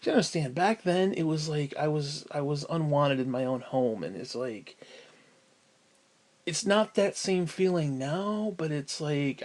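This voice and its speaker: A man's voice: on the high side, animated, normal speed, darkish tone. A man venting at home in a casual vlog, profane and sighing as he rants. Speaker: vlogger.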